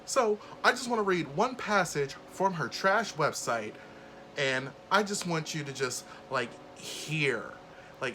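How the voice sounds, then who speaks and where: A man hosting a casual commentary vlog, talking bluntly and openly indignant. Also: medium pitch. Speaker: commentary YouTuber, host.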